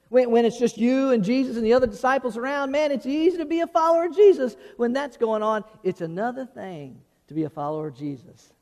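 A man's voice: high-pitched, a little mellow. A man preaching a sermon in a church, reading scripture and then talking in a folksy way with frequent restarts. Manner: folksy preaching with repeated restarts, acting out quoted voices. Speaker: pastor. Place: church sanctuary. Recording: long reverb of a large hall.

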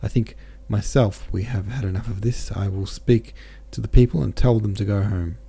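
A man reading as a calm, dignified merchant consul. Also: on the low side, gravelly, husky, exaggerated voice. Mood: soothing. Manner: soothing, measured.

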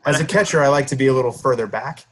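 A man co-hosting a podcast in casual chat, with dry jokes, swearing and quick quips. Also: mid-range voice, a little hiss or hum. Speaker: podcast co-host.

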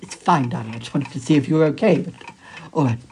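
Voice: fast talker, a little mellow, slight background noise, close to an everyday voice. A performer voicing Bettina, a fond, gossipy woman on the phone who calls everyone darling. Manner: swoops in pitch, affectionate.

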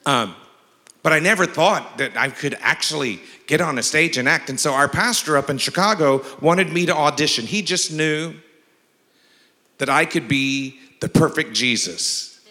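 Male pastor with a bright, forceful voice, preaching in a large church with long reverb; jokey asides and emphatic scripture. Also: fairly high pitch, moderate pace. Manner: humorous storytelling mixed with emphatic scripture reading. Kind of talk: sermon.

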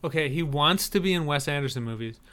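A man's voice: on the high side, lively intonation, quick pace, pushed and bright. A man co-hosting a podcast in casual chat, wry and chuckling as he reads out listener emails. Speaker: podcast co-host.

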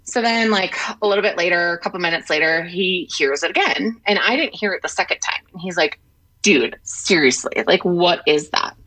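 A woman co-hosting a podcast remotely, telling a story with a very lively, swooping pitch. She acts out quoted lines and fills her talk with "like" and quick restarts. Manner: fillers like "like" and restarts. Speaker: podcast co-host. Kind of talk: casual chat storytelling. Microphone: remote call.

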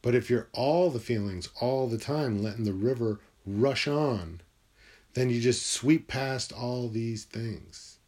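A man's voice: medium pitch, takes it slowly, darkish tone. A man talking alone in his room in a rambling, musing monologue, swearing freely as he goes. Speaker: vlogger.

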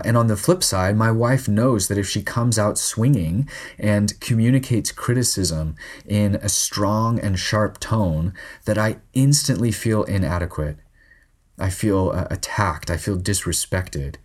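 A man's voice: lowish voice, darkish tone. A man in his thirties preaching a sermon as pastor, earnest and conversational, often restarting his sentences.

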